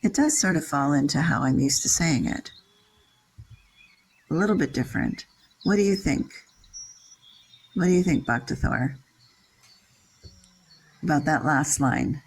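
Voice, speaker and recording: Slow, gravelly older class leader. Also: medium pitch, low-quality recording. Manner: chants syllables slowly, then explains casually; reads out word-by-word glosses in a steady list. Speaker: leader of a scripture reading class. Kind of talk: teaching Sanskrit verse meter and word meanings.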